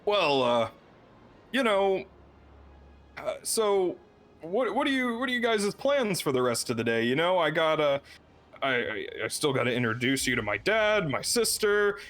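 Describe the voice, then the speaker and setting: A man's voice: fairly high pitch, big pitch swings, measured pace, a bit bright, voice pushed up. A man voicing a chatty young male baker and salesman who rambles on cheerfully, full of fillers.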